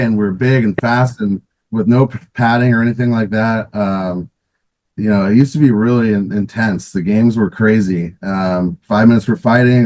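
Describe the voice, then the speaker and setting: Middle-aged man, lowish voice, rambling storyteller, lots of fillers and restarts, casual interview guest. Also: a little mellow, poor audio. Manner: rambling, many restarts and fillers, laughs often. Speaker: guest, former pro roller hockey player.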